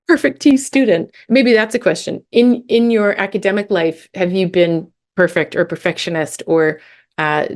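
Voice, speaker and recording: A woman's voice: fairly low pitch, darkish tone. Casual woman parenting coach. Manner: casual, talks straight to a parent, acts out scripts. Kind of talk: live coaching session.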